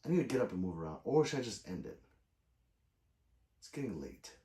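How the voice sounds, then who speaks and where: A man's voice: fairly low pitch, sing-song, brisk, mellow. Rambling, swearing male livestream host. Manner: loose and rambling, swears often, answers chat by name. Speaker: livestream host reading chat. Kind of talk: casual late-night livestream chat.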